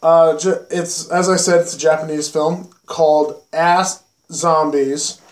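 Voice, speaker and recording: A man's voice: a little high, flat delivery, moderate pace, darkish tone, echoey room. A young man hosting a podcast, telling a story in a casual, profane way and acting out exclamations. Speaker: podcast host. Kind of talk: casual chat.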